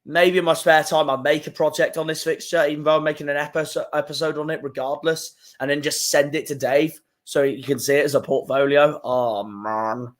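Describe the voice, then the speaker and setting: A young man streaming live, reacting to football fixtures, swearing and fuming with loud outbursts. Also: on the high side, level tone, fairly quick, hardly any pauses. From England. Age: young adult.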